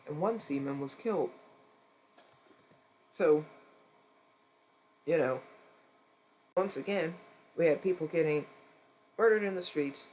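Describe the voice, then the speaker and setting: Here is a streamer doing a cold reading of a non-fiction book, voice of middling pitch for its kind. They read steadily, calling out every "quote" and "end quote," and now and then drop a short wry remark of their own. A faint hum of noise sits under the voice. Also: a little mellow, rough recording. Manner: reads steadily, saying "quote" and "end quote" around quotations; adds brief wry asides between passages.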